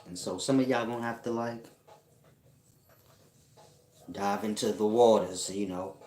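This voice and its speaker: A man with a fairly low, steady, darkish voice speaks at a measured pace in a roomy space with a bit of hiss or hum. He hosts a casual livestream as a self-styled spiritual teacher, reading viewer comments and teasing people with slangy, rambling jokes while laughing often.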